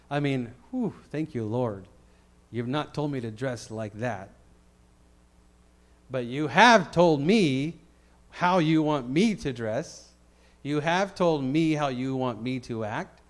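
A middle-aged man preaching with a slightly high voice. He talks to the congregation like a conversation, dropping into quiet asides and then rising into loud, fervent declarations. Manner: animated, conversational, swings between loud declarations and soft asides. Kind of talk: sermon.

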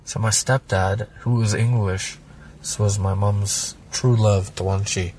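A man's voice: fairly low pitch, steady tone, unhurried, darkish tone, slight background noise. A man originally from Germany, talking casually as a podcast guest, rambling and swearing through a personal story.

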